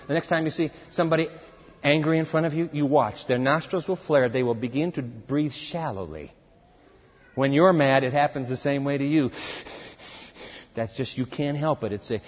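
A man preaching a sermon in a large church hall, dramatic and emphatic, swinging from loud to hushed and adding sound effects. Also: on the high side, slightly rough. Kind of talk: sermon, expository Bible teaching. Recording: reverberant hall, dull lo-fi sound.

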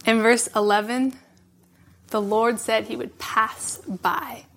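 A woman giving a reflective devotional sermon, laughing softly between phrases and dropping to a hush for emphasis. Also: fairly high pitch, steady tone, takes it slowly. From California. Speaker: preacher.

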